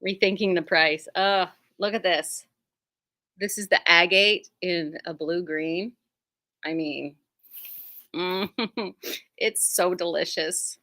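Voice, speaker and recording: A woman with a bright, forward voice rambles cheerfully about new fabric bolts from her quilt shop. She wanders off topic and pokes fun at herself. Her voice sounds close and dry, with almost no room sound. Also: on the low side, steady tone, takes it slowly, pauses often, no room sound. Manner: chatty, rambling, self-deprecating. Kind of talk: casual product showcase.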